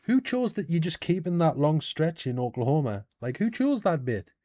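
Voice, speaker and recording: A British man hosting a casual reaction video, animated and thinking out loud with questions and exclamations. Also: fairly high pitch, normal speed, no echo. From United Kingdom.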